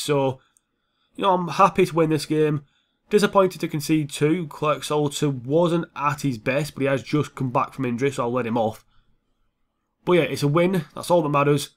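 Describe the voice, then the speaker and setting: A young man giving casual, foul-mouthed commentary over his own football video game, switching between calm play-by-play and heated rants. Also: fairly high pitch. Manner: swears a lot, swings from calm play-by-play to heated outbursts. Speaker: gaming YouTuber.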